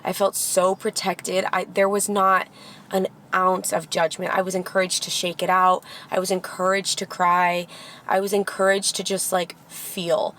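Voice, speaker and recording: Speaking at a measured, even pace in a lowish, monotone voice with a touch of brightness, this young LA vlogger shares a personal story. It's casual, candid and heartfelt, full of "like" fillers, with a slight hiss or hum on the recording.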